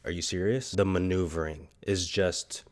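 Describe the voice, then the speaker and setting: A young man with a stuffy, congested voice giving an excited, slangy movie review at home. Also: low-pitched, normal speed. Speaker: film reviewer. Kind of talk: casual vlog review.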